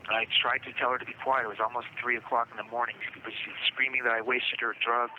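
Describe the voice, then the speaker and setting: A man in a phone interview from jail, recounting events in a plain, halting first-person way. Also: mid-range voice, level tone, phone-quality sound, background noise. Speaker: jailed murder suspect.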